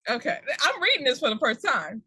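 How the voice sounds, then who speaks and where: A woman's voice: high voice, sing-song, brisk, bright, forceful tone, husky, no room sound. A woman hosting a casual podcast chat about upcoming movies, reading summaries aloud with laughing asides. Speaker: podcast host.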